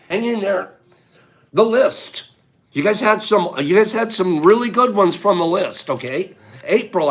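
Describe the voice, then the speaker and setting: A man hosting a live stream in a casual chat, reading viewers' names and their answers aloud. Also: high-pitched. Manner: reads chat names aloud, rattles off lists.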